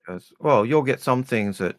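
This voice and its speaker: A man co-hosting a casual gaming chat, measured in manner. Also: mid-range voice, lively intonation, dry recording. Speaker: co-host.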